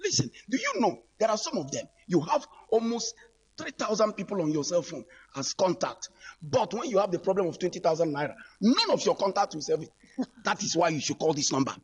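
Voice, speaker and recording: A man's voice: high-pitched, big pitch swings, fairly quick, husky. A man, preaching on the radio and fervently calling out to listeners, again and again. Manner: fervent, repetitive, calls out listeners directly. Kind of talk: preaching broadcast appeal.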